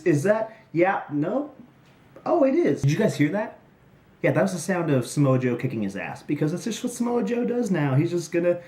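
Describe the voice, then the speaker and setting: A man's voice: medium pitch, a little mellow. A young man casually recapping wrestling episodes, snarky and rambling with jokey asides. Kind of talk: casual solo recap commentary. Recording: roomy echoey room.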